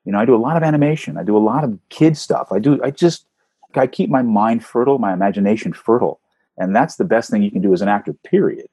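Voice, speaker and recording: A man, a voice actor, talking casually in an interview, telling animated stories and swooping up in pitch for emphasis. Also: fast, husky, no echo. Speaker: voice actor guest.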